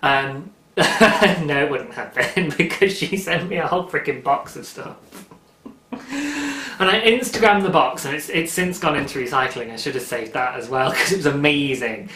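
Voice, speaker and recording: Excitable podcast host, thirties, a touch high, babbling fast in an echoey room. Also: male voice. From United Kingdom. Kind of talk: casual knitting podcast chat.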